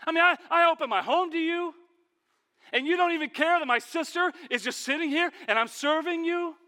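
A man putting on a shrill, resentful Martha. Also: big pitch swings, fairly quick, a bit bright. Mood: indignant. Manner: shrill complaining rants. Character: resentful overworked woman host, whiny and indignant.

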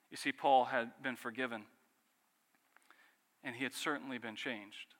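Pastor guy preaching, bright forceful voice, asks lots of questions, goes soft on key bits, big reverb like a hall. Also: medium pitch, fairly even intonation, normal speed, pauses often. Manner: earnest preaching with rhetorical questions and dramatic drops in volume. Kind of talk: sermon.

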